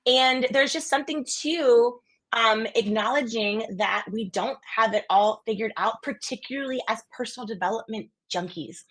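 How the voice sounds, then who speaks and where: Husky, animated woman telling stories. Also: on the high side, normal speed. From East Coast US. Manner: energetic, animated storytelling with quoted voices. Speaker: podcast guest. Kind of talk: casual interview chat.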